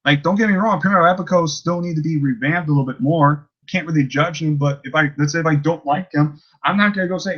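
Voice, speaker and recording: A man's voice: on the high side, a little fast, hardly any pauses, fairly bright tone. Rambling exasperated man, lo-fi sound. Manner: rambling, exasperated, many restarts and fillers. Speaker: YouTuber ranting about a commenter. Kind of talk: casual vlog rant.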